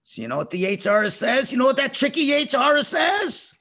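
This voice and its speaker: Animated high-voiced man teaching children. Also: fast. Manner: animated, emphatic, asks the kids questions. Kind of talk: storytelling lesson for children.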